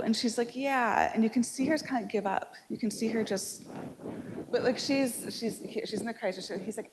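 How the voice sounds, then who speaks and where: A woman's voice: on the high side, moderate pace. Chatty woman lecturing in a reverberant hall. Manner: casual, chatty, self-deprecating with many fillers. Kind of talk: public lecture. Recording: reverberant hall, audible background noise.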